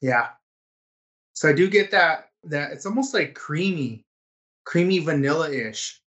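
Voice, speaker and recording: A man co-hosting a casual podcast, talking in a relaxed, rambling way with lots of fillers. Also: fairly high pitch, unhurried. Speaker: podcast co-host. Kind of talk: casual chat.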